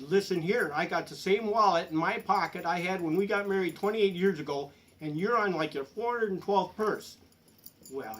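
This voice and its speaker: A middle-aged man telling a rambling, folksy comic story in a deadpan manner, with a bit of a cough. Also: on the high side. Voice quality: slightly coughing. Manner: folksy, rambling, peppered with "there" and "anyways". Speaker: comedic storyteller. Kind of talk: deadpan comic monologue in character.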